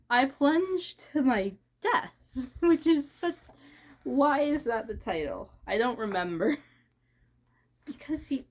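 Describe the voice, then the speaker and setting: A woman's voice: high voice, lo-fi sound. A woman hosting her channel, chatting and giggling before reading a novel aloud, stumbling and restarting words as she goes. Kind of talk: casual read-aloud with chat.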